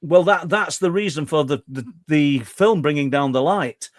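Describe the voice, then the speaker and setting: A talkative middle-aged man with a Yorkshire accent spins out a story as a guest, tripping over his words and starting again. His voice sits fairly high for a man, and the sound is dry and close with almost no room on it. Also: normal speed, no echo. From Yorkshire, England. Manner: talkative, stumbling restarts, animated. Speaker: guest researcher. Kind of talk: storytelling in conversation.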